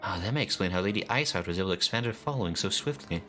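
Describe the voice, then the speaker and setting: A man voicing an earnest young male scholar who speaks in formal, measured phrases. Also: low-pitched, expressive, fairly bright tone, faint music behind.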